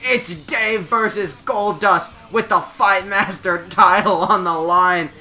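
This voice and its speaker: A man giving playful, jokey play-by-play commentary on a wrestling video game, shouting at the big moments. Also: high voice, slow.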